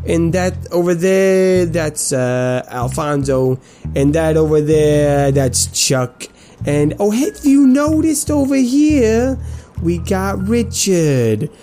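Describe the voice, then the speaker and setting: A slick grey orc gangster in a bowler hat, as a man puts him on. He talks in a raised, wheedling, streetwise voice, smooth and mellow. Light music sits faintly behind him. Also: fairly high pitch, very animated, slow, voice pushed up. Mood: smug.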